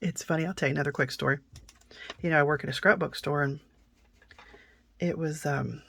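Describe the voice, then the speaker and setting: Middle-aged woman, craft host; rambling, chatty delivery with some gravel in the voice, drifts to soft whispers. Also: deep voice, fairly even intonation, brisk. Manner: chatty, rambling, many fillers and restarts; drops to soft near-whisper while working. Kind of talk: casual crafting tutorial with stories.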